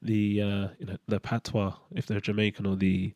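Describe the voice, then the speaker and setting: A man speaks candidly in a low, mellow voice, reflecting on his own life. He talks in a halting way and restarts as he searches for words. The sound is dry and close. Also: little pitch movement, no echo. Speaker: channel host. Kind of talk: reflective personal monologue.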